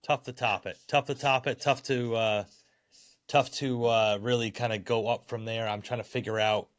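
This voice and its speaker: A male podcast co-host with a mid-pitched voice, heard close and dry with no room sound. He banters in a laid-back, easygoing way and chuckles often through casual wrestling chat. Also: fairly even intonation, normal speed, no echo.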